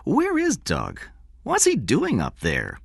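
A woman's voice: on the low side, huge pitch swings, slow pace, gravelly, breathy edge, no echo, clean studio sound, voice pushed up, exaggerated voice. A man reading an audiobook, voicing a troubled woman of thirty-two who asks anxious questions.

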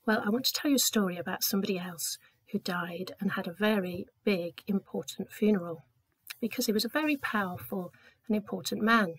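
A woman tells a story to a group of children in a slow, clear, gentle voice. Her pitch sits at an ordinary middle height, and she lifts it to act out the characters. The sound is dry and close, with no room echo. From England. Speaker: children's talk leader. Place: church.

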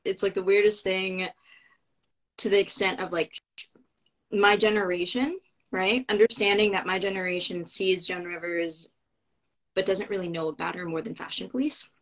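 Woman guest, mid-pitched, chatty, rambling, lots of fillers. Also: steady tone, normal speed, fairly bright tone, low-quality recording. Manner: enthusiastic, rambling with fillers and restarts. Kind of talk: casual conversation.

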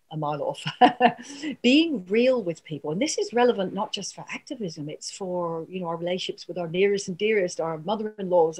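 Husky-voiced woman coaching earnestly. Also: mid-range voice, darkish tone. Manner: earnest, coaching, frequent asides and laughs. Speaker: communication trainer. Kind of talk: workshop talk.

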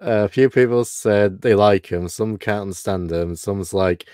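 A man from the UK co-hosting a casual livestream, matter-of-fact and quick to chuckle. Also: on the low side, darkish tone, no echo, clean studio sound. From United Kingdom. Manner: matter-of-fact, chuckles often, light swearing. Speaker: co-host. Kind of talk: casual livestream chat, reading out ratings.

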